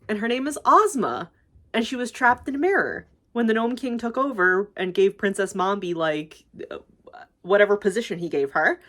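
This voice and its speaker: A woman's voice: medium pitch, fairly bright tone. A young woman YouTuber casually recapping a movie, rambling and gushing, swearing freely and filling with "like".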